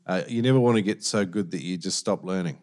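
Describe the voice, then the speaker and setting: Low-voiced, halting podcast host man. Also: darkish tone. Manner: halting, lots of restarts and fillers, earnest. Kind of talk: casual podcast chat.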